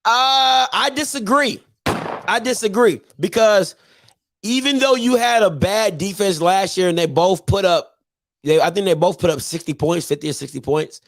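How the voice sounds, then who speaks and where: A man's voice: sits high, normal speed, fairly bright tone, no echo. A man hosting a live call-in sports talk show, talking emphatically and repeating his points.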